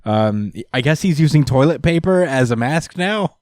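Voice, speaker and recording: A man's voice: on the high side, lively intonation, moderate pace, darkish tone, dry recording, studio quality. A man co-hosting a podcast, casually recapping a comic with fillers and jokey quoted voices. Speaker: podcast co-host.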